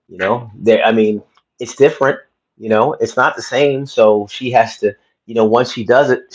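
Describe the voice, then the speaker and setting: A man's voice: on the low side, husky. A man hosting a casual livestream from his phone at home, chatting to viewers in a rambling way and repeating himself. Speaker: livestream host. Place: home room. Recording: slightly dull phone audio.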